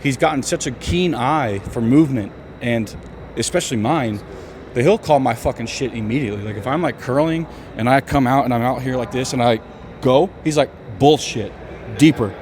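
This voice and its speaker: A man's voice: medium pitch, darkish tone, a little hiss or hum. Profane, emphatic gym-bro man. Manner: profane, emphatic, fast-talking. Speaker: bodybuilder vlogger. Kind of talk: casual gym chat.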